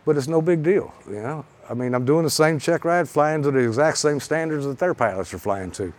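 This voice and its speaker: A man, a pilot and author, telling a story from a stage in a salty, animated way, his voice rising and heating up at times. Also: on the high side, fairly quick. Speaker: pilot and author giving a talk. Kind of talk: storytelling presentation. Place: event stage.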